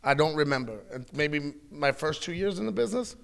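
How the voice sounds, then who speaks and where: A middle-aged man in a candid interview, talking bluntly and with plenty of swearing as he tells animated stories. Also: on the high side, brisk, vocal fry. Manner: blunt, profane, animated storytelling. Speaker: wrestling guest.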